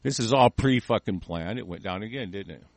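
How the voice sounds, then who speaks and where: A man's voice: on the low side, lively intonation, fairly quick, creaky. A man hosting a call-in show, delivering an angry, profane political rant in heated bursts.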